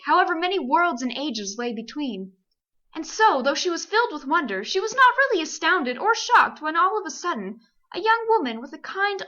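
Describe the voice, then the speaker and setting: Canadian lady reading a kids book aloud, high bright voice, dull lo-fi sound. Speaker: amateur audiobook reader. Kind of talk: storybook narration.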